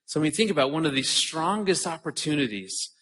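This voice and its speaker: A man's voice: a little high, very animated, fairly quick, fairly bright tone. A middle-aged man speaking earnestly at a conference, often repeating words as he starts a thought. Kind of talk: conference talk to an audience. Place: conference hall stage.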